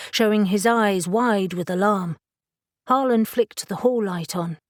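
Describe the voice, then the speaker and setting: A woman narrating an audiobook in a steady, measured way. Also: medium pitch, dry recording, studio quality.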